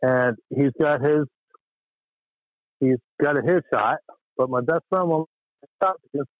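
A man's voice: mid-range voice, a little slow, no echo. Tinny phone-line caller, exasperated man. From Western Massachusetts. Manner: rambling, exasperated storytelling with frequent restarts. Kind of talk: casual call-in chat.

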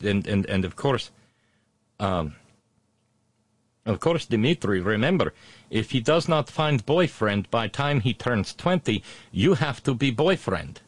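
A man's voice: fairly low pitch, very animated, takes it slowly, no room sound, voice pushed up, exaggerated voice. A man putting on a mock Russian accent to voice a stern, matter-of-fact Russian wife.

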